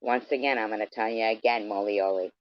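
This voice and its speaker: A man's voice: lowish voice, fairly even intonation, fairly quick, no echo. A man delivering an aggressive, profane, taunting rant straight at his camera. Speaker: vlogger. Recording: dull lo-fi dry sound.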